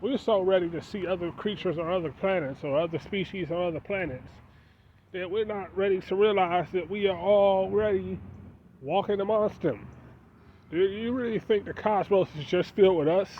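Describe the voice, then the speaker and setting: A man's voice: high voice, moderate pace. A man talking casually to his viewers in a preachy monologue, firing off rhetorical questions. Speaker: vlogger. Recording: dull lo-fi sound with faint street noise.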